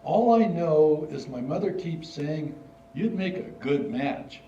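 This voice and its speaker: A man's voice: fairly high pitch, expressive, takes it slowly, dark tone, recorded from a distance, a little hiss or hum. An older man in a staged reading, playing an earnest, slightly formal schoolboy writing letters. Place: stage in a hall. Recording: dull, roomy hall recording from afar.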